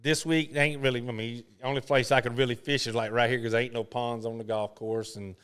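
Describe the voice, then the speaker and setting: A man's voice: mid-range voice, little pitch movement, fast talker, a bit bright, clean tone. A middle-aged man, a professional golfer, telling rambling folksy stories in an interview. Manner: folksy, rambling, lots of "you know". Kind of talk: casual storytelling interview.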